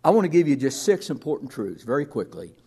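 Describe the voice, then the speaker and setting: A man's voice: mid-range voice, very animated, fast talker, a little mellow, breathy edge. A man pastor preaching a sermon in an earnest way, reading scripture aloud and often repeating words as he restarts.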